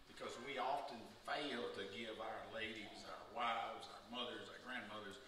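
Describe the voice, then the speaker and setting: A man's voice: fairly low pitch, steady tone, moderate pace, bright, forceful tone. A middle-aged man preaching a sermon in a conversational way, putting rhetorical questions to the men in the congregation. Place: church sanctuary. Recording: echoey hall from far off, audible noise.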